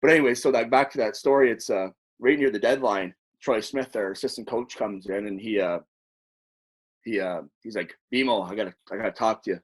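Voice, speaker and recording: A man with a somewhat low voice tells long, rambling stories in a loose, casual way. He swears freely as he talks, like a podcast guest recalling his playing days. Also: a little fast, husky. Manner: rambling, profane, animated storyteller. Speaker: podcast guest, former hockey player. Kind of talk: casual storytelling.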